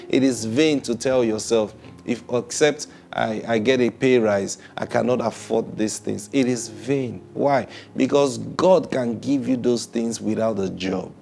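A man preaching a sermon, emphatic, laughing often and climbing to loud high peaks on key lines. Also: steady tone, unhurried, vocal fry. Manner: laughs often between points.

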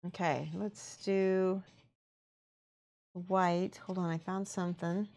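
A woman's voice: lowish voice, level tone, slow pace, darkish tone. Chatty woman painting on a live stream. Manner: chatty, thinking aloud, reads chat. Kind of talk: casual live-stream chat while painting.

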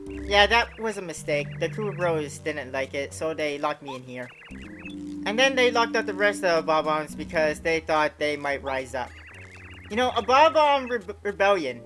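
A woman's voice: deep voice, sing-song, moderate pace, a bit bright, faint music behind. A woman reading game dialogue as a cheerful, feisty young female bob-omb, with an eager, bouncy delivery. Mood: indignant.

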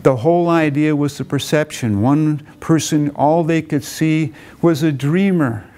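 Mellow-voiced man lecturing earnestly. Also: a little hiss or hum. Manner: earnest, slowing and dropping low for emphasis. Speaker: motivational lecturer. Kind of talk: reflective lecture with storytelling.

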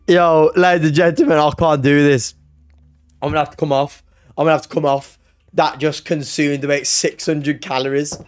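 A young man streaming a game, hoarse from a sore throat, talking loosely and swearing. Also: fairly high pitch, no room sound. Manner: panicky, yelling, repeating himself, swearing. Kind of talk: live gaming stream commentary. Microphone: streaming mic.

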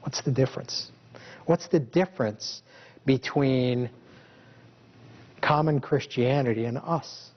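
A man delivers a sermon in an easy, conversational way, putting one rhetorical question after another to his congregation. His voice sits at an average pitch. The recording is a little dull and lo-fi. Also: takes it slowly, long pauses. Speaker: preacher. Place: church hall.

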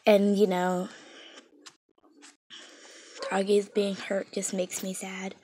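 A woman's voice: medium pitch, completely flat delivery, slow pace, dark tone, slight background noise. A woman chatting casually from her bedroom as she shows off her toy collection, bubbly and rambling, with whispered asides. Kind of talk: casual chat.

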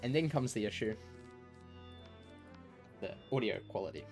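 A man's voice: fairly low pitch, big pitch swings, moderate pace, soft background music. A man who streams live, telling a long story in casual chat to his viewers, rambling with fillers and restarts.

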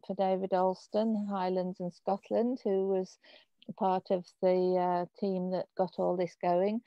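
A woman's voice: fairly low pitch, dry recording. A woman from Birmingham with a Birmingham accent, hosting a conversation over a video call, chatty and hesitant with many ums and restarts. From Birmingham, England. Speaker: host. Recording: dull lo-fi video call audio.

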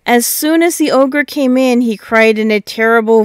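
Female storybook narrator, measured and steady, slightly high voice, smooth and clear. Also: no room sound, clean studio sound.

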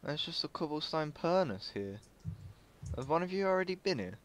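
A man's voice: on the high side, very animated, normal speed. A young man, making crude jokes and chatting casually while gaming. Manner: joking, crude, laughs often. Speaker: gamer.

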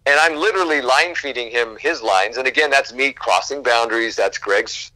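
A man, a guest actor, telling animated stories from film sets in a casual interview and acting out quotes, swearing freely. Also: medium pitch, normal speed, no echo, rough recording.

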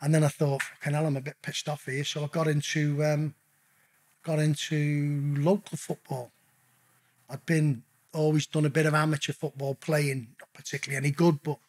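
A middle-aged man with a husky, fairly high voice tells stories as a podcast guest. He is blunt and casual, swears in nearly every sentence, and keeps calling the host "mate.". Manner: blunt, swears constantly, calls the listener mate. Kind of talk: casual storytelling interview.

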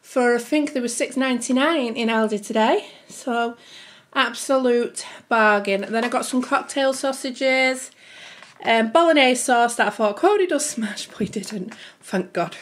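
A woman's voice: on the high side, unhurried. Breathless chatty woman vlogger. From United Kingdom. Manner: chatty, rambling, keeps addressing viewers as guys. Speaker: family vlogger. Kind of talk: casual grocery haul chat to camera.

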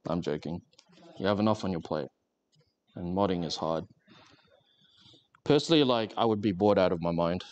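Rambling streamer, low voice. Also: male voice, normal speed, pauses often, darkish tone. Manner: rambling, joking, talks to chat while working. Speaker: live streamer. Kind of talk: casual chat while crafting on stream.

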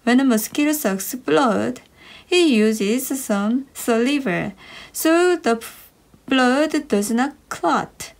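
A woman reads short picture-book passages aloud for young learners. Her voice sits high and leaps up and down with every phrase. She takes her time, stretching each sentence out slowly. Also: expressive, gravelly. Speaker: reader of children's English stories. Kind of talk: slow expressive read-aloud for kids.

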